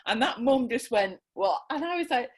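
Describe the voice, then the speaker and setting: A woman's voice: sits high, lively intonation, moderate pace, husky. A woman, a bereaved parent, telling candid stories over a video call, laughing often as she talks. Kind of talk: candid conversational storytelling.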